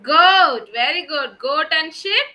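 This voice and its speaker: Bright high-pitched teacher. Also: female voice, lively intonation, slow. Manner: patient, questioning children by name. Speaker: kindergarten teacher. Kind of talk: online class teaching.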